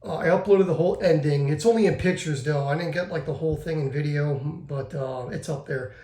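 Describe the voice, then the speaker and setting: A man's voice: a little high, brisk, mellow, echoey room. A man giving a rambling spoken review of a video game, often restarting and repeating himself.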